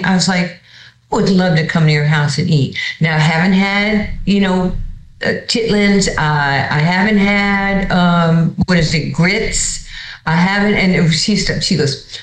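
A coach who is a guest, telling a story in conversation in an animated way, often repeating words and acting out dialogue. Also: medium pitch, a little slow. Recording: roomy echo.

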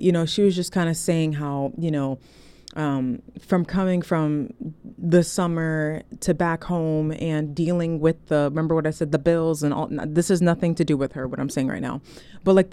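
A woman hosting her own show talks in a low, mellow voice. She drifts into digressions and shout-outs, then comes back around to encouragement. Her voice sounds smooth, close and dry. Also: dry recording. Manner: rambling, warm pep talk with digressions and shout-outs. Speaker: show host. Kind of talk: casual motivational radio-style talk.

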